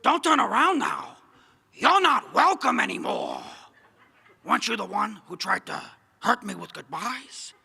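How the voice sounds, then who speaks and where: A man's voice: sits high, very animated, gravelly, slightly rough, heavily acted. A male comedian doing an impression of an intense film actor, reciting song lyrics with heavy drama. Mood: brooding. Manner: slow, dramatic, bursts into shouting. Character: brooding intense older male film star. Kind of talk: stand-up impression.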